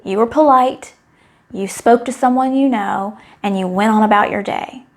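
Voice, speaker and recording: A woman's voice: fairly high pitch, moderate pace. A middle-aged woman talking to camera in a candid, wry and emotionally open personal monologue. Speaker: vlogger.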